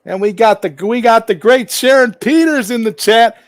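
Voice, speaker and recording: A man's voice: very high voice, normal speed, no room sound, studio quality. A man hosting a casual live stream, rambling through his points with many restarts and greeting viewers in the chat.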